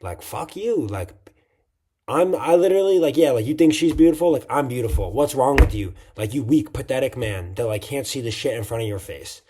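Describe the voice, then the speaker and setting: A man's voice: mid-range voice, expressive, a little fast, dark tone, slight background noise, natural voice. A man voicing his inner self as a fierce woman who scolds him with indignant, profane outbursts.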